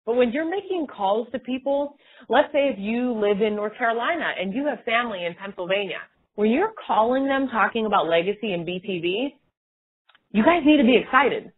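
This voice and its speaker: A woman leading a motivational sales training call, talking in an energetic, rambling, casual way. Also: medium pitch, slightly rough. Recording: tinny phone line.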